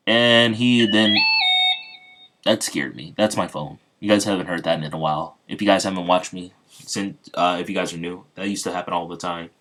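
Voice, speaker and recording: A channel host with a low, fairly bright voice talks at a normal speed, casually inventing and telling a fan-fiction story. His retelling is loose and off the cuff, and he chats with his viewers in asides as he goes.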